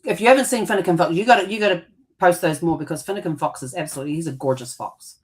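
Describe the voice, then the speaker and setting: A woman co-hosting a casual conversation with a somewhat low voice. She explains in long, loose runs, trailing off and restarting often. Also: rapid-fire. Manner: rambling, with many fillers and restarts. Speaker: co-host.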